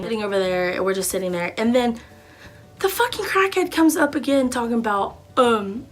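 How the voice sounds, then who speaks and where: Young woman vlogger, casual storyteller, animated and heavily profane. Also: a little high, fast. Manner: animated, profane, lots of fillers and repeats. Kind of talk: storytime vlog.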